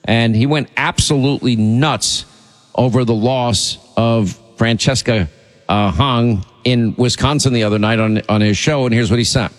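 A man's voice: mid-range voice, moderate pace, in a large hall. A male radio host talking in an indignant, emphatic, rambling way. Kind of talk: talk radio monologue.

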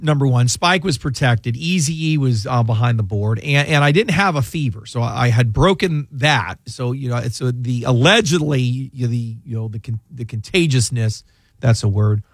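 A man's voice: mid-range voice, normal speed, dry recording. A man hosting a casual radio talk show from a studio, rambling with lots of restarts and side stories. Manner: rambling, with many restarts and asides. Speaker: radio show host and lawyer. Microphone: close studio microphone.

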